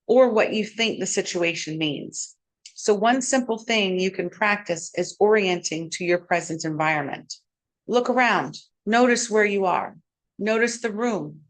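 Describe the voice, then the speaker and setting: Calm woman guiding a practice. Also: medium pitch. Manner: calm, measured, instructive. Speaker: host and wellness coach. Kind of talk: scripted guided teaching.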